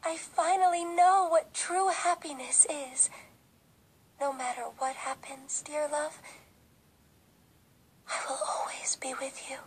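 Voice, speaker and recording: Azura, a whispering young lover. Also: female voice, high voice, steady tone, slow, pauses often, slight background noise. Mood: tender. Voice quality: soft breathy whisper. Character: gentle young woman confessing love.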